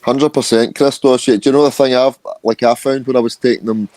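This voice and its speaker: A man's voice: medium pitch, steady tone, fairly quick, a little mellow, dry recording. A man from the United Kingdom speaking earnestly in casual chat on a video call, with stammering restarts.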